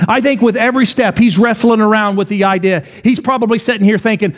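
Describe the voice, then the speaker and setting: A man's voice: high-pitched, steady tone, fast talker. A man in his forties preaching a sermon as pastor, telling a story with rhetorical questions and repetition. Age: 40s. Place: church.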